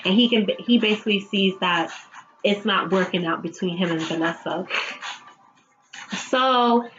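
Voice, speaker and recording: A woman's voice: mid-range voice, a little slow, lo-fi sound, noisy background. A woman giving a casual, chatty recap of a TV episode, swearing freely and laughing often. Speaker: TV episode reviewer.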